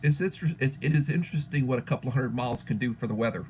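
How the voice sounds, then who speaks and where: A man's voice: medium pitch, quick pace, slight background noise, poor audio. A middle-aged man from Texas hosting a casual livestream chat, greeting viewers by name and repeating words as he thinks. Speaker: livestream host.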